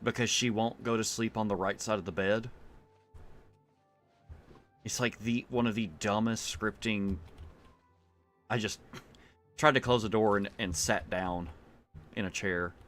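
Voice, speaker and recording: A man's voice: lowish voice, steady tone, unhurried, long pauses, a bit bright, faint music behind. A man streaming a video game and chatting casually, rambling with fillers and laughs. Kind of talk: casual chat while playing.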